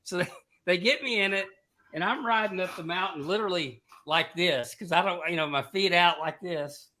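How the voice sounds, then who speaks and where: A middle-aged man co-hosting a podcast, telling a long casual anecdote in an animated way and laughing through his own story. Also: high voice, moderate pace. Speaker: podcast co-host.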